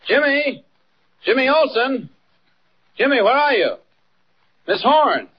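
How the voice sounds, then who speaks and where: Superman, urgent and high. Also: wildly swooping pitch, unhurried, heavily acted. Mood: calling out. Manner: urgent, calling out loudly. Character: Superman as a calm hero. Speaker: actor in a radio drama. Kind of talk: 1940s radio acting. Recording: dull old radio recording.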